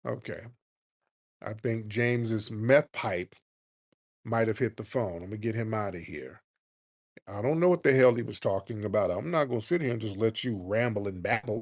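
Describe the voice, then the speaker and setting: A man's voice: on the low side, lively intonation, normal speed. A man hosting a call-in radio show, blunt and scolding, cutting callers off. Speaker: radio host.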